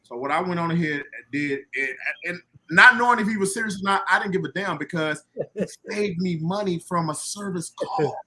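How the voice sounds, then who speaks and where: Man, box truck owner, bright voice a touch high, animated storyteller; casual panel talk. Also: fairly quick. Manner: animated storyteller acting out quoted dialogue.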